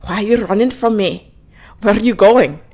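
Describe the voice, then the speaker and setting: A woman putting on an overdone Irish accent to mock a brooding young male fantasy love interest, loud and exaggerated. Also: mid-range voice, moderate pace, close to an everyday voice. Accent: Irish, exaggerated put-on.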